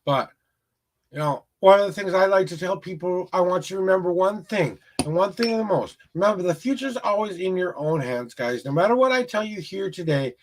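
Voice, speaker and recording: A man with a notably high voice, talking casually to his livestream viewers. He gives an upbeat, motivational little speech and keeps things easygoing. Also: expressive, fairly quick, hardly any pauses. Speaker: tarot reader livestream host.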